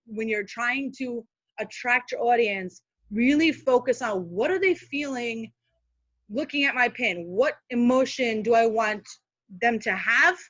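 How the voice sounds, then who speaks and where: A social media manager appears as a guest speaker on a live video call, offering practical marketing tips. She's chatty, with a fairly high, fairly bright voice, and talks casually with lots of fillers and asides. The audio is dry and a little dull, with no room sound.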